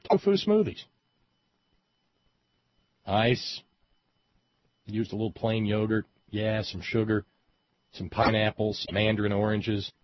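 A man's voice: fairly low pitch, no echo. A man from West Virginia giving a rambling, sardonic commentary monologue with frequent hesitations. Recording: dull lo-fi audio, dry.

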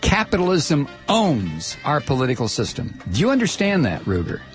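A man's voice: on the high side, huge pitch swings, moderate pace, soft background music. A middle-aged man hosting political talk radio. He rants heatedly and stumbles over repeated words as he goes. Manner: heated, ranting, stammering restarts.

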